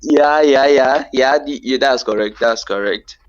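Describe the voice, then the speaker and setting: A man chats over a voice call, explaining slang with patient repeats and restarts. His voice sits at a medium pitch and sounds dry, with a dull, lo-fi quality. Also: measured pace, no room sound. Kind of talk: casual chat teaching slang.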